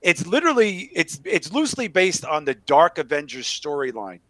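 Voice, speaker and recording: A middle-aged podcast host with a Chicago accent, his voice pitched a little high, jokes crudely and talks in an animated way about films. The sound is dry and close. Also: normal speed, dry recording. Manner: jokey, animated, crude asides. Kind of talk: casual movie chat.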